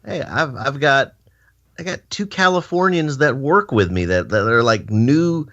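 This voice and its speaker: Laid-back man with lively intonation. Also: mid-range voice, unhurried, dull audio. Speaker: podcast co-host. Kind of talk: casual chat.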